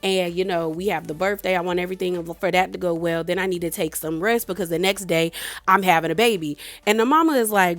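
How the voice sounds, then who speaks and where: A young woman giving a casual, animated recap of a reality show. She laughs often and acts out the lines she quotes. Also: fairly low pitch, fast, no room sound, soft background music. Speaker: reality TV reviewer.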